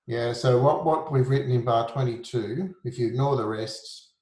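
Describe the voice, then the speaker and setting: A man teaching a relaxed, informal music lesson. He explains rhythm, sings beats on "da", and jokes at his own expense. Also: mid-range voice, normal speed, echoey room.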